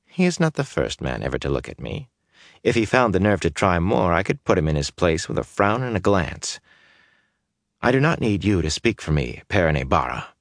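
A man reading an audiobook voices a proud, sharp-tongued young noblewoman who speaks in a tight, dismissive way. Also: low voice, big pitch swings, normal speed, no echo, clean studio sound. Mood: tart.

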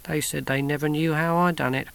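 A man's voice: on the high side, expressive, moderate pace, voice pushed up. A man voicing a proud, rambling old grandfather in an audiobook reading. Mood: reminiscing. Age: older.

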